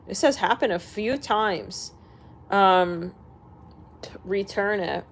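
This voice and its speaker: A woman's voice: medium pitch, slow pace, slight background noise. A woman hosting an astrology channel, ranting casually and bluntly to her viewers, swearing freely and laughing between remarks.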